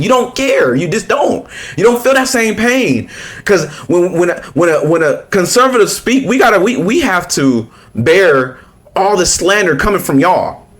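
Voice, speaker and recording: Male reaction commentator, heated and profane, high-pitched. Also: fairly bright tone. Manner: blunt, profane, heated, lots of restarts. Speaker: political commentator reacting to a clip.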